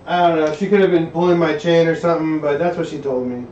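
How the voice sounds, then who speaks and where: The speaker hosts a casual garage live stream while fixing an engine, reading chat and rambling with restarts and unfinished thoughts. His fairly high voice is fast and darkish in tone. The sound is echoey, with slight background noise, from a dull mic some distance away.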